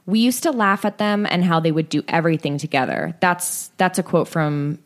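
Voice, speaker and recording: A woman's voice: lowish voice, normal speed. A young woman hosting a podcast, telling a true story in a casual, chatty way, full of "like" and restarts, sounding tired. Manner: chatty, many likes and restarts. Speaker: podcast host.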